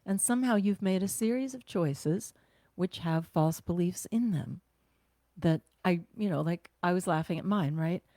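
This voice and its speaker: A woman teaching a guided self-care breathing class, talking gently and conversationally with sighs and slow exhales. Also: lowish voice, dry recording, studio quality.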